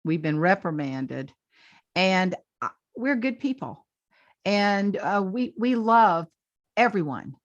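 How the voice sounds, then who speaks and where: A woman's voice: medium pitch, takes it slowly, long pauses, no room sound, highs cut off. Folksy Southern woman with dry sound. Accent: Southern US, South Carolina Lowcountry. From Southern United States. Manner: folksy, animated, laughs often. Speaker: guest, humorist and speaker. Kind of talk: storytelling interview chat.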